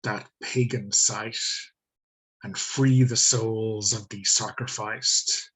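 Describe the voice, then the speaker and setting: A stern man of faith, played by a man pronounces doom slowly and gravely. His voice sits low with a husky edge. It comes through a video call. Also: fairly even intonation, fairly bright tone, full character voice, poor audio. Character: stern pagan-hating man of religious power.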